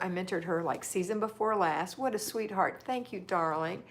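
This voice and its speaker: A woman's voice: medium pitch, brisk, few pauses. A woman hosting a casual livestream, chatting affectionately and reading viewer comments aloud. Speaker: livestream host.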